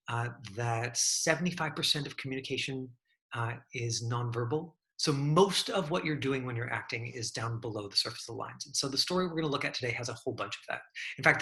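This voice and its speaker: A man leads an acting class over a video call, his voice very bright and forward in tone. He talks loosely, stringing thoughts together with fillers and restarts as he coaches his students. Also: mid-range voice. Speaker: acting teacher.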